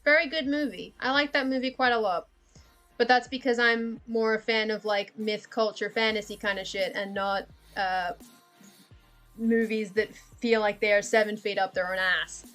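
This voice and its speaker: A woman with a fairly high voice talks to her stream as she draws, wandering from thought to thought. She swears easily, laughs at herself and pokes fun at her own laziness. Faint music plays under her voice. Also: a bit bright. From Australia. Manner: rambling, self-deprecating, laughs often, swears casually. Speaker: livestreaming artist. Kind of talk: casual chat while drawing on stream.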